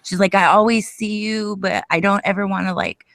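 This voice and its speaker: A woman's voice: medium pitch, fairly even intonation, a little fast, a bit bright, no echo. Chatty woman, dry close sound. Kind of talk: casual chat.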